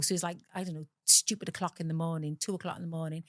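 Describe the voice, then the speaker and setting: A woman's voice: lowish voice, steady tone, fast, fairly bright tone, dry recording, studio quality. A middle-aged woman from Wales with a South Welsh accent, a guest telling her own story candidly, swearing freely and acting out the voices of people in it.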